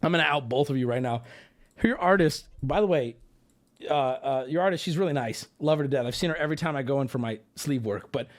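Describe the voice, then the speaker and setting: A man hosting a livestream, telling a story to chat in a casual, animated way, swearing and breaking into yelling. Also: mid-range voice, fast. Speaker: livestream host.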